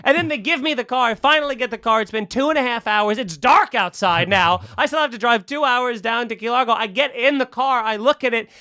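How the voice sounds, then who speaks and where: A man's voice: extremely high pitch, fairly quick, hardly any pauses, clean tone, dry recording, clean studio sound. A man on a podcast telling a long, heated anecdote in casual chat, acting out both sides and swearing freely. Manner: animated, acts out both sides of a quarrel, swears. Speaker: podcast host.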